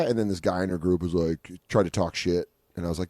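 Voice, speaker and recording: A man co-hosting a casual comedy podcast, telling profane stories and acting out the people in quick bursts. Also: low voice, steady tone, darkish tone, no room sound.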